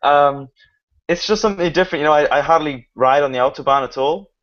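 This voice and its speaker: A man telling a story in a relaxed, casual chat, with some fillers. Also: on the high side, a little fast, dull audio. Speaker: motovlogger guest.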